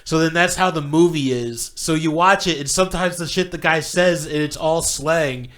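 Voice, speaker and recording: An American man co-hosting a podcast, rambling slowly and cursing in casual chat. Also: on the high side, a bit bright. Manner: slow, rambling, profane. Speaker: podcast co-host.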